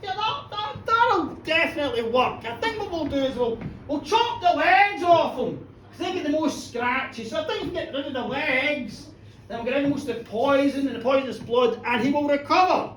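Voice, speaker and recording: A blunt old-fashioned country doctor, as a storyteller puts him on, breezily suggesting grim remedies with a lilt. The voice sits high and carries some faint room noise. It is heard from across a reverberant pub. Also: expressive, moderate pace, a bit bright. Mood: cheerfully grim. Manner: offhand, matter-of-fact about gruesome cures. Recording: echoey pub room, distant mic.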